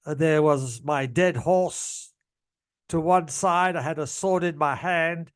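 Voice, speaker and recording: Older guy telling his own story real slow, lots of uhs and restarts. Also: fairly high pitch, clear, resonant tone. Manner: slow, halting, with many fillers and restarts, growing emotional. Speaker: channel host telling a past-life story. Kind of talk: personal storytelling to camera.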